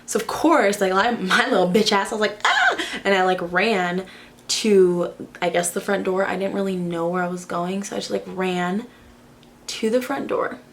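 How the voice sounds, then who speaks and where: A woman's voice: mid-range voice, steady tone, normal speed. A young woman from Arizona, chatting casually and swearing freely while doing her makeup, telling a story full of "like". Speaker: beauty vlogger.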